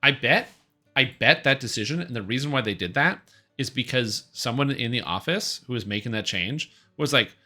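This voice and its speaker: A man's voice: medium pitch, animated, moderate pace, sharp tone, soft background music. A man streaming a video game, chatting casually in a rambling, offhand and opinionated way. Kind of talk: casual live-stream commentary.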